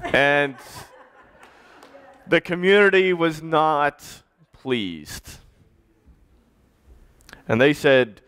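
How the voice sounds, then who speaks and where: Man, church pastor, animated storyteller for kids; slightly higher voice, swinging pitch. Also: drawn-out words, pauses often, clear, resonant tone. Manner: animated storytelling, directing children to act it out. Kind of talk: children's story in a church service.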